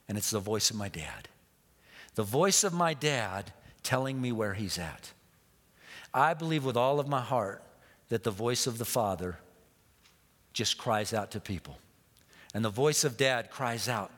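A man preaches, his pitch sitting in the middle range. He tells a story, repeats his phrases for weight and sometimes lowers his voice to a whisper. His voice carries a long reverb, as in a large hall. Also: lively intonation, unhurried, fairly bright tone. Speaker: pastor. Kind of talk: sermon.

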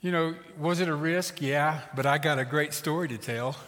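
A middle-aged man preaching a sermon as a pastor and telling a story in an animated, conversational way. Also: fairly high pitch, moderate pace. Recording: reverberant hall.

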